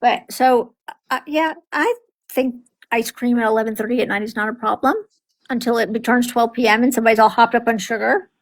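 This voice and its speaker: A middle-aged grandmother telling family stories in casual chat, animated and acting out what others said. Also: a little high, a little fast, low-quality recording. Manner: animated storytelling, acting out quoted family members.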